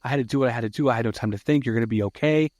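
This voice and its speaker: A man's voice: medium pitch, very fast, a little mellow, dry recording, studio quality, lightly acted. A man doing a cowardly young guy faking remorse. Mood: fake sorry.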